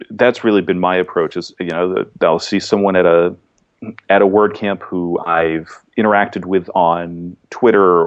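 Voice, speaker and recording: Male podcast guest, low voice, easygoing rambling delivery, muffled lo-fi audio. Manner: relaxed, rambling, many restarts. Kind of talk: casual interview chat.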